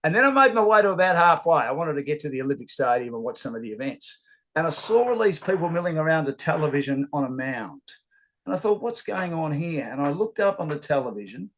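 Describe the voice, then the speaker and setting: A middle-aged Australian man, a sports broadcaster, telling stories in an interview with plenty of casual fillers. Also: fairly high pitch. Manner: animated storyteller, casual filler words. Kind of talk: storytelling interview.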